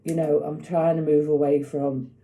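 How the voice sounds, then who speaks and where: A woman's voice: low-pitched, level tone, moderate pace, mellow, dull audio. A middle-aged woman chatting casually to camera in her home kitchen while she makes food, rambling with lots of tag questions. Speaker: vlogger.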